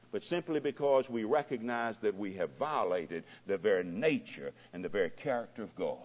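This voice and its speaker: A man preaching a sermon as pastor, his voice swelling and dropping dramatically in pitch and loudness, recorded in a church. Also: lively intonation, moderate pace, hardly any pauses. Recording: dull lo-fi recording with long hall reverb.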